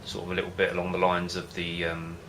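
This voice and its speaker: Deep, flat-voiced rambling home-brew vlogger. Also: male voice, fast talker, background noise. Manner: rambling, hesitant, loses his thread. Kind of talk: casual rambling chat to camera.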